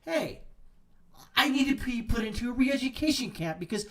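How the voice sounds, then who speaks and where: A man's voice: very high voice, animated, normal speed, a bit bright, distant mic. Sarcastic ranting man, a bit off-mic. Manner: sarcastic, angry, mocking. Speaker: political commentary host. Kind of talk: ranting commentary over read-out posts.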